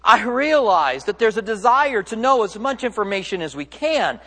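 High-voiced man preaching in a reverberant church. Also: big pitch swings, moderate pace, pushed and bright. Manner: conversational, joking preaching with self-corrections. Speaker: pastor. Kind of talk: sermon.

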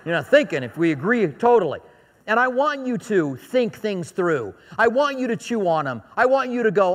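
A man's voice: high voice, big pitch swings, moderate pace, long reverb tail. A man preaching a sermon as pastor, talking in a conversational, joking way and hammering points home by repeating them. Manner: conversational and joking, with emphatic repetition.

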